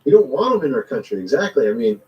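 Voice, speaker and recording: Rambling, lively man, mic a bit distant. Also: medium pitch, quick pace, lo-fi sound, a little hiss or hum. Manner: rambling, slangy, chuckles often. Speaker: commentary vlogger. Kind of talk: casual political commentary.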